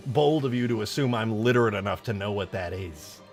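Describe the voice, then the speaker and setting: A young man live-streaming his game modding, chatting casually with viewers and breaking into loud, goofy shouts. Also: on the low side, fairly quick, soft background music. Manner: excitable, jumps to loud shouts and goofy banter. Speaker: livestreaming game modder.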